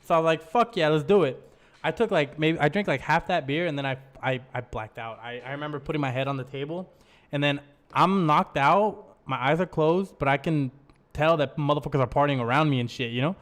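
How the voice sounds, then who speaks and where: A man's voice: fairly high pitch, fairly quick, fairly bright tone. A man hosting a podcast, telling a story in loose casual chat, full of swearing and acted-out quotes. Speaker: podcast host.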